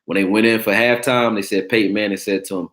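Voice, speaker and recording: Deep-voiced blunt sports talk host. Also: male voice, fairly even intonation, quick pace, a bit bright. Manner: blunt, profane, joking, reacting to chat. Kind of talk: casual sports talk livestream.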